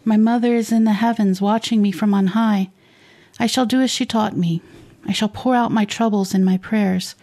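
Lady reading a sweet pious young girl, all thee and thou, warm soft tone. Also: medium pitch, natural voice. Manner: archaic formal speech. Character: pious earnest young village woman.

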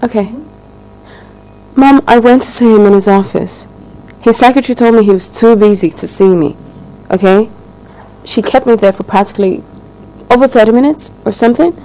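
A woman's voice: a little high, normal speed, pauses often, dark tone, lightly acted, rough recording. An actress playing a spoiled young woman who complains indignantly about her neglectful fiance. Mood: aggrieved. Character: spoiled, wounded young woman, a rich man's daughter. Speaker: jilted fiancee.

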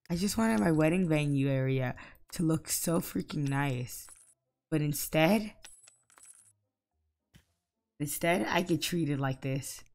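A woman's voice: low-pitched, vocal fry. A woman giving let's play commentary, scolding her game characters aloud in exasperation. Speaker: gaming channel host.

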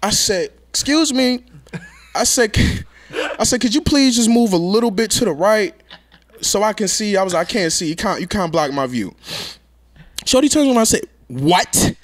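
A young man, a rapper guest, telling a story in a casual interview, loud and laughing, jumping between low mutters and high exclaims. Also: lively intonation, moderate pace.

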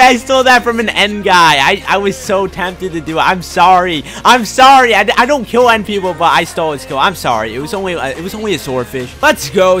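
A young man calls out his game live, hyped and quick to rage or laugh. His voice sits high and bright with wide, bouncing swings in pitch. Faint music plays underneath him. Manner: hyped, loud bursts of raging and laughing. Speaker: gaming channel host. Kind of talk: excited gameplay commentary.

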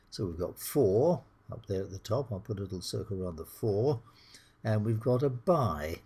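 A middle-aged British man with a husky voice, teaching English slowly and clearly over slides. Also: fairly low pitch, animated, dark tone. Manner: slow, clear teaching delivery, acts out the dialogue lines.

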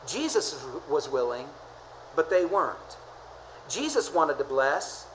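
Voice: mid-range voice, very animated, takes it slowly, a little hiss or hum, low-quality recording. Pastor preaching with dramatic swings. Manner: dramatic preaching with repeated phrases, swinging from soft to emphatic. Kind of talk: sermon. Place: church.

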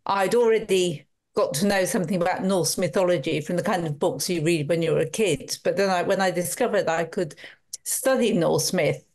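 A woman in her sixties, a guest scholar, answering interview questions in a measured, articulate way. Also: on the low side, darkish tone.

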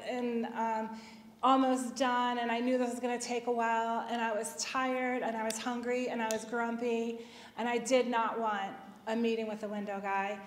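A middle-aged woman telling a personal story at a parish talk, chatty, with lots of fillers and acted-out dialogue. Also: fairly high pitch. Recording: echoey hall.

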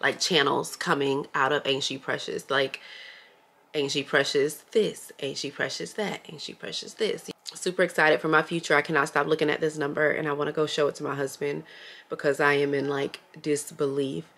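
A woman vlogging casually to her camera at home, gushing and excitable, with lots of ums and likes. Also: sits low, moderate pace, creaky. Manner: gushing and excitable, with many fillers. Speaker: small business owner and vlogger.

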